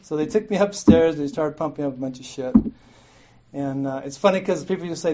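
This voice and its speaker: A man's voice: on the high side, a little fast. A middle-aged man telling his own recovery story to a meeting, candid and profane, often laughing at himself. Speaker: guest speaker at a recovery meeting. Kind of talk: personal recovery story told to a group. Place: meeting room. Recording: muffled lo-fi recording with clear noise.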